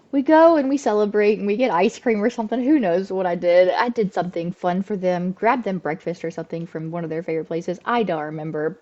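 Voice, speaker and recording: Chatty mom vlogger, mellow voice. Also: female voice, mid-range voice, lo-fi sound. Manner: chatty, animated, lots of "like" fillers. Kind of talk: casual storytelling to camera.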